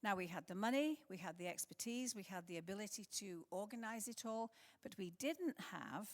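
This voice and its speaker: A woman's voice: mid-range voice, lively intonation, fairly quick. A middle-aged woman whose English has a slight Scottish tinge gives a chatty church conference talk, telling history with light humorous asides. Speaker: conference speaker for a mission society. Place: large church hall. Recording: long hall reverb in a church.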